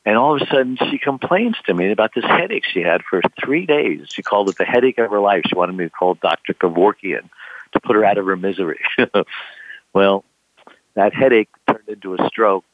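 An older man, voice on the low side, rambles through a long personal anecdote, peppering it with "you know" and acting out others' voices. Heard over a tinny phone line, the sound is dry with no room sound.

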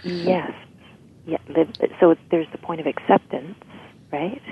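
A woman's voice: deep voice, fairly even intonation, a little slow, breathy edge. A woman guest explaining emotional healing in an interview, often checking in with "right?". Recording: tinny phone-like line.

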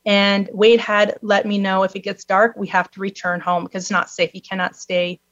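A woman telling a personal story, animated and swinging her pitch up high when she mimics the people she met. The recording is dull and a little lo-fi. The sound is dry and close, with no room around her. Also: normal speed, no echo. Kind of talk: personal story told in conversation.

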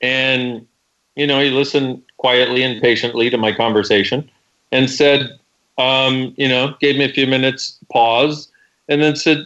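A man's voice: medium pitch, flat delivery, a little slow, a bit bright, lo-fi sound. A man co-hosting a call-in talk show, telling stories and acting out quoted lines. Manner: storytelling, acts out quotes. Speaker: co-host.

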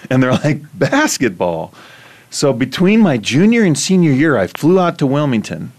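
A middle-aged man from Iowa, hosting a casual conversation and telling stories with animated laughter. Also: fairly high pitch, moderate pace. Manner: animated storytelling, laughs often. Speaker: host.

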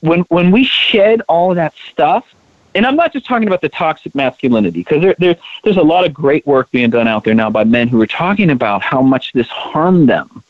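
A male interview guest, co-founder of a women's leadership project, talks briskly with lively intonation in a fairly high voice. His conversational delivery is earnest and emphatic, marked by repeated words when he restarts sentences. The sound is dry and tinny, like a phone call.

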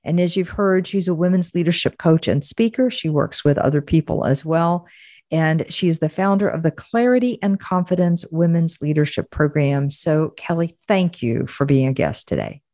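A woman hosts a podcast interview, affirming her guest and summarizing the takeaways as she wraps up the show. Her low voice is warm and moves at normal speed, recorded at studio quality with no echo.

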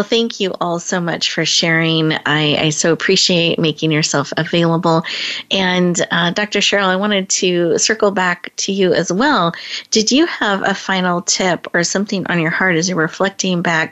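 A woman hosting a podcast, telling a personal story in a chatty way, laughing often and slowing down for emphasis. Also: fairly low pitch, fairly bright tone. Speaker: podcast host.

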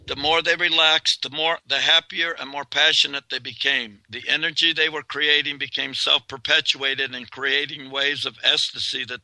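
A man hosting a radio show, reading a chapter of his own book aloud in a slow, steady way with occasional restarts. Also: medium pitch, no echo, low-quality recording. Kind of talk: reading aloud from a romance novel, then casual sign-off.

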